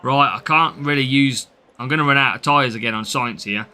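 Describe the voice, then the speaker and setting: A man's voice: medium pitch, a little fast, pushed and bright. A young man with an English Midlands accent, chatting through live game commentary and greeting viewers by name. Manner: chatty, reads out and answers viewer names. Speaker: game streamer.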